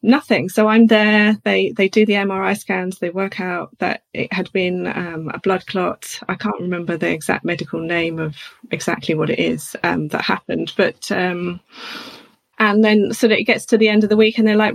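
A woman's voice: on the low side, fairly even intonation, normal speed, creaky. A woman speaking openly as an interview guest, chatty and laughing now and then as she tells hard personal things.

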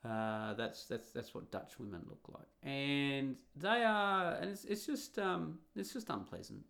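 A man's voice: mid-range voice, expressive, a little slow, gravelly, fairly bright tone. An Australian man with an Australian accent, giving a blunt, rambling solo monologue full of fillers and restarts. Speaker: vlogger.

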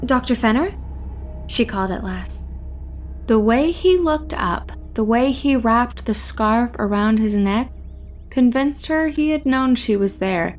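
Woman reading a creepy story, kinda high voice, slow and suspenseful. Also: animated, faint music behind. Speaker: narrator. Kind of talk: scripted narration of a horror story.

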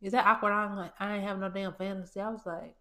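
A woman co-hosting a podcast, talking in a lively, laughing, profane way. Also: medium pitch, fast. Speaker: podcast co-host. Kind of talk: casual chat.

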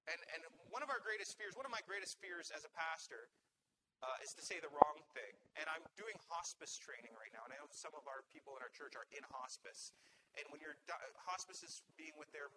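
Man, pastor, high voice, earnest sermon and prayer, noisy church recording. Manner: earnest, heartfelt, halting at times. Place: church service.

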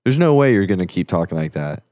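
An American man chatting on a podcast in a laid-back, halting way, with filler words throughout. His voice sits very low. The sound is dry. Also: sing-song, a little mellow, dry recording. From United States. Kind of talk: crude casual banter.

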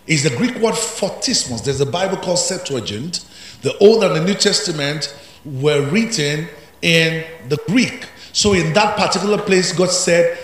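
A man preaching a sermon as pastor, swinging from hushed asides to shouted climaxes. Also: fairly high pitch, animated, a little slow, reverberant.

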